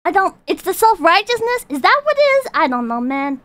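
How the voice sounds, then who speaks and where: A woman streamer with a very high voice who rants and swears in an animated way while reading chat. Her voice is dry and close, with no room sound. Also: moderate pace, few pauses, no echo. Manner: profane, ranting, animated. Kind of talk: casual livestream reaction and chat reading.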